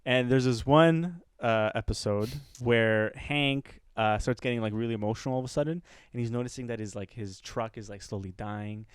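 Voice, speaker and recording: A man's voice: medium pitch, normal speed, few pauses, clean tone, no room sound, studio quality. A man co-hosting a comedy podcast, telling rambling stories in casual chat. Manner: rambling storyteller with bursts of voices. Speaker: podcast co-host.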